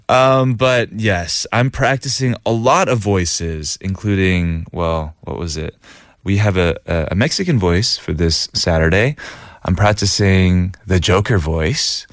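A man's voice: low-pitched, unhurried, no room sound, clean studio sound. A man hosting a casual radio show, reading listener messages and laughing easily. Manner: laughs easily, animated and chatty. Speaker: radio host. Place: radio studio booth.

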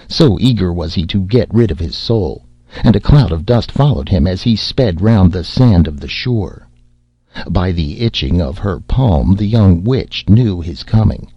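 A man narrating a classic fairy tale in a measured, expressive storytelling manner. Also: low-pitched, breathy edge, no echo, lo-fi sound. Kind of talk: storybook reading.

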